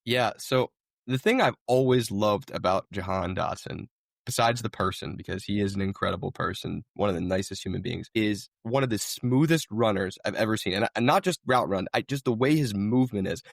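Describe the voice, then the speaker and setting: Lower-voiced, chatty male co-host. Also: brisk, vocal fry, dry recording, studio quality. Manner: enthusiastic, uses many fillers like "I mean" and "like". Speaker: podcast co-host. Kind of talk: casual chat.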